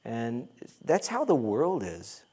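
Pastor, male, mid-pitched, conversational sermon with humor. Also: huge pitch swings, slow pace, darkish tone, slightly rough. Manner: conversational, humorous, mimics complainers.

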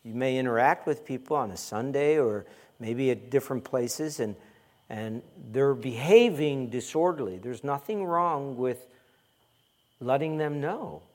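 Pastor, male, mid-pitched, conversational sermon with humor. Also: animated, unhurried. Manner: conversational, humorous, mimics complainers.

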